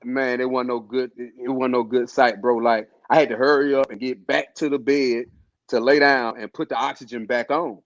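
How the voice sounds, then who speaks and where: A man's voice: medium pitch, steady tone, moderate pace, no echo. A man telling a personal story in a casual, slangy way, full of fillers. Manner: laid-back, slangy, loose with fillers. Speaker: host telling his illness story. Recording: dull lo-fi sound.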